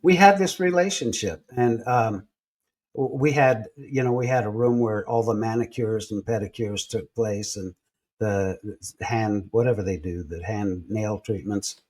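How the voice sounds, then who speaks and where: A man telling personal stories in a relaxed interview, acting out the people he quotes as he goes. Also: lowish voice, unhurried. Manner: animated storyteller acting out quoted voices. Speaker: guest. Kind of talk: storytelling in a conversational interview.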